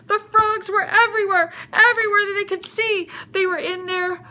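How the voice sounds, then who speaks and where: A woman telling a children's story in an expressive way, with sound effects. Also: very high voice, normal speed, hardly any pauses. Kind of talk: animated children's story narration.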